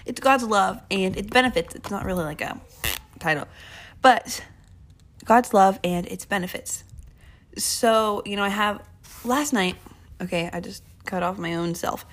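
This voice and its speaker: A woman's voice: mid-range voice, a little slow, long pauses. A young woman hosting a casual faith podcast, talking in a rambling, chatty way and often cutting herself off. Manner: rambling, chatty, self-interrupting. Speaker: podcast host. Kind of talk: casual Christian podcast talk.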